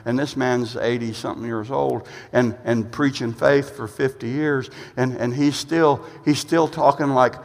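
A male pastor preaching a sermon, emphatic, swinging from loud bursts to low asides and repeating phrases as he builds. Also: fairly even intonation, unhurried, few pauses. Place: church sanctuary. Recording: long reverb of a church hall.

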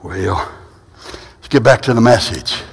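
A man's voice: lowish voice, expressive, measured pace, gravelly, husky. A man preaching a sermon as pastor in a church sanctuary. He tells stories with many restarts and repeated words. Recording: long reverb of a large hall.

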